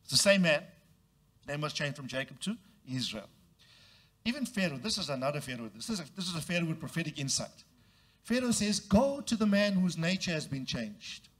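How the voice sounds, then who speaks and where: A man's voice: big pitch swings, brisk, a bit bright. A man preaching a sermon, leading his congregation to repeat phrases and acting out the voices of the people in the story. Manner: acts out quoted voices with big jumps in pitch. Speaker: pastor.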